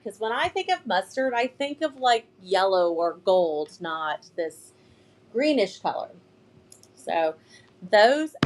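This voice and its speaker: A chatty woman, showing new shop products on a casual live stream and reading funny signs aloud with giggles. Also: fairly high pitch.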